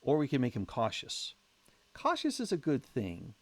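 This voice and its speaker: A man's voice: mid-range voice, wildly swooping pitch, moderate pace. A man commentating his own strategy game as he plays, thinking aloud in a wry, chatty way with self-mocking humour. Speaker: let's play host.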